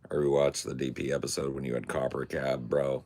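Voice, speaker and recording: A man's voice: a bass voice, flat delivery, brisk, a little mellow. A man hosting a podcast, telling stories in a laid-back, profane way and laughing often. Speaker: podcast host. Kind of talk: casual storytelling chat.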